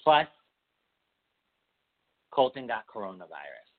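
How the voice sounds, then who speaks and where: Woman, podcast host, casual chat, opinionated, animated, tinny phone-like audio. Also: rumbling low, slow pace.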